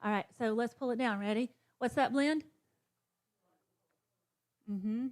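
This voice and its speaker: A woman's voice: fairly high pitch, slow, darkish tone. A woman teacher demonstrating a phonics lesson for other teachers, sounding out letters and modeling classroom chants. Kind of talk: professional development demonstration for teachers.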